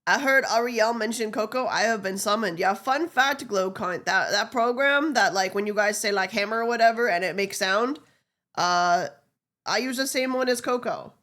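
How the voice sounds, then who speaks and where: A woman's voice: fairly high pitch, normal speed, a bit bright. A woman streamer chatting casually with a stuffy, congested nose, giggling, swearing and rambling. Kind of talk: casual live-stream chat.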